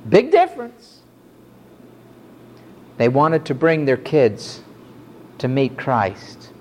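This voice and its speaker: A man preaching a fiery sermon to a congregation, swinging from loud outbursts to low, quiet asides. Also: takes it slowly. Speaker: pastor.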